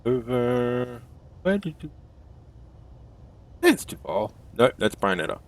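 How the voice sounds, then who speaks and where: A man's voice: medium pitch, big pitch swings, takes it slowly. A man hosting a game stream, chatting casually and correcting himself as he goes. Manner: chatty, self-correcting, laughs easily. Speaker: stream host.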